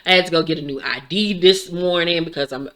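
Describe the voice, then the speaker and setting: Recapping a reality show, a woman in her forties sounds weary and yawns, yet her casual talk stays animated with lots of cursing and laughing. She speaks briskly in a lowish voice.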